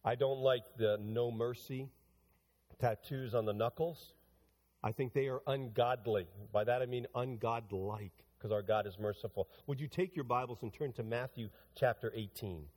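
A man's voice: medium pitch, normal speed, darkish tone, in a large hall. A man preaching a sermon to his church, talking conversationally and building to emphatic preaching. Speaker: pastor. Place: church sanctuary.

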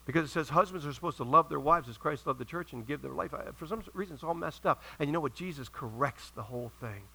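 Bright-voiced high preaching man. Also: fast, gravelly, breathy edge, rough recording. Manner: animated storytelling with acted-out quotes. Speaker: pastor. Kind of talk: sermon.

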